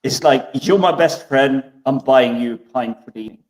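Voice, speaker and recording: A man's voice: medium pitch, moderate pace, a little mellow, distant mic, rough recording. A man co-hosting a casual panel chat, hesitant and stammering but eager in his storytelling. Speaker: podcast co-host.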